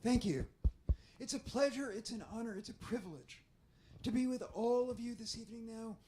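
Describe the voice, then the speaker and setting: Man, hoarse damaged voice, very high, theatrical storyteller, bookstore event. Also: normal speed, noisy background. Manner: theatrical, self-deprecating storyteller. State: hoarse, damaged voice after covid. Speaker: author. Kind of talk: author talk at a bookstore event.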